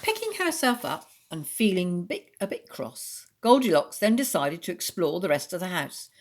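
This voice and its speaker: A woman reading a children's story aloud in an expressive storytelling manner. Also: on the low side, normal speed.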